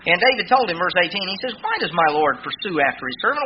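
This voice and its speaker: High-voiced man preaching a sermon. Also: sing-song, fast talker, highs cut off, slight background noise. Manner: retells scripture in casual paraphrase, with fillers.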